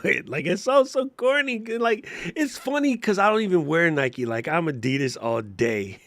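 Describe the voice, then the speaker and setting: A man co-hosting a live podcast, talking in an animated, joking way and laughing often. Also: a little high, dry recording, studio quality. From Washington, D.C. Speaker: podcast co-host; teacher.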